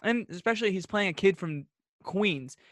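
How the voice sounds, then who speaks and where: A man co-hosting a podcast, chatting casually and telling animated, opinionated stories. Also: high voice, moderate pace, dry recording. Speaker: podcast co-host. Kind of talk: casual chat.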